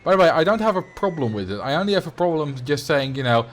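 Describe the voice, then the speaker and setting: Talking fast in a slightly high, sing-song voice, a game streamer replies to his chat in a relaxed way. He is a native Dutch speaker with a Dutch accent who laughs often and restarts sentences a lot.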